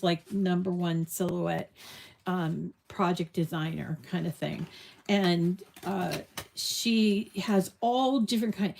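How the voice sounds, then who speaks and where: Middle-aged woman, crafting tutorial host; relaxed, slow delivery, rambling and conversational. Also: medium pitch. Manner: rambling, chatty, drifts off on tangents. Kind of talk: casual live crafting tutorial chat.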